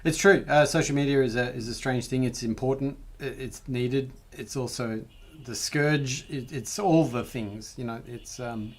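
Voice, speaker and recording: A man hosting a laid-back live stream, talking at a middle pitch. He rambles, stalls and restarts his sentences often, and fills the gaps with plenty of ums and uhs. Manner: rambling, halting, heavy on fillers. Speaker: show host. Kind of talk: casual livestream chat.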